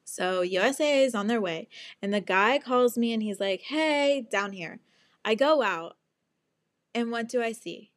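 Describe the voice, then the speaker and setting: A young woman with a fairly high voice tells a story on her podcast with big, dramatic energy. She swears without a second thought and slips in and out of other people's voices as she goes. The sound is close and dry, with no room around it. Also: moderate pace, dry recording. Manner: animated and dramatic, swears freely, acts out others' lines. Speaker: podcast host. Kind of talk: casual storytelling monologue.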